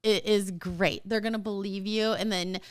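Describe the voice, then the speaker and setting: A woman in her forties hosting a casual podcast, talking straight to parents in an animated, emphatic way and often laughing. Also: medium pitch, moderate pace, clean tone. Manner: talks straight to listeners as a parent. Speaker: podcast host.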